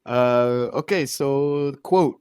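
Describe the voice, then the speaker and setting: A man's voice: mid-range voice, very slow, a little mellow, clean tone, dry recording, clean studio sound. A young man co-hosting a podcast, chatting casually about a film, incredulous and laughing often, swearing freely. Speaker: podcast co-host.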